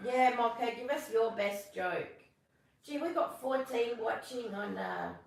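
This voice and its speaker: A woman's voice: a little high, measured pace, gravelly, distant mic. A woman hosting a casual live stream, chatty and self-deprecating, telling corny jokes while a little sick. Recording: echoey room, away from the mic.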